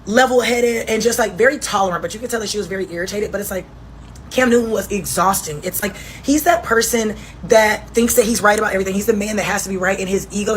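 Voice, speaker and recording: A woman retelling an interview on a casual talk show, animated and exasperated. A faint hum sits behind her voice. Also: medium pitch, rough recording. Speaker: co-host.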